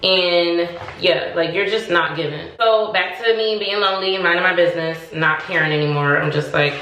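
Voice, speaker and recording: A woman telling a personal story to camera in a casual, animated way, acting out both sides of the conversations. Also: fairly low pitch, normal speed, far from the mic, a little hiss or hum. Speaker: storytime vlogger. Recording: echoey room.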